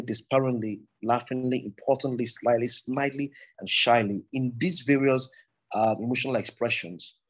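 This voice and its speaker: Husky Nigerian man teaching public speaking. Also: medium pitch, rough recording. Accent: Nigerian English. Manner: loose, digressive explaining with restarts. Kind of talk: recorded lecture.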